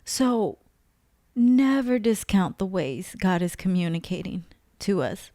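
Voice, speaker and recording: Slow, earnest woman sharing faith testimony. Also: medium pitch, lively intonation, dark tone, dry recording, studio quality. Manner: earnest, emotional, repeats phrases for emphasis. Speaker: faith vlogger. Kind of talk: personal spiritual testimony.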